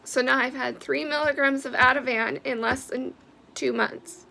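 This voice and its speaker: A woman's voice: sits high, steady tone, moderate pace, vocal fry, sharp tone. A woman giving a blunt, heated personal vlog update who swears freely. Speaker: vlogger sharing a personal health update.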